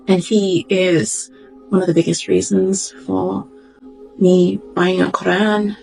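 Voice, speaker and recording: A woman doctor giving a reflective, heartfelt personal testimony, pausing and searching for words as she goes. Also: medium pitch, gravelly, a little mellow, rough recording. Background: faint background music.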